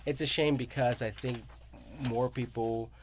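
A middle-aged university researcher and professor chats casually about academic matters, telling stories and often tagging on "you know?" and "right?". His mid-range voice stays steady and unhurried over slight background noise.

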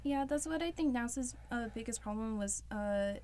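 A woman's voice: fairly high pitch, moderate pace, a little mellow. Hesitant young woman with many fillers. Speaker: student. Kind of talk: casual discussion.

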